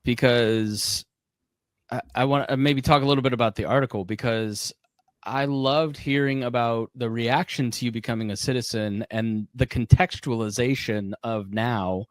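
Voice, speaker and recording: Male podcast host, casual questions, middle pitch, dry close sound. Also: fairly even intonation, normal speed, dry recording. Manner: casual, conversational. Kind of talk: interview chat.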